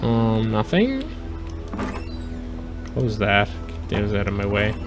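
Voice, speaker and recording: A man's voice: on the low side, very animated, slow, music in the background. A man casually commentating his gameplay, chatting with his live chat and joking around. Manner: chatty, talks to live chat, jokey mock accents. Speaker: let's play host.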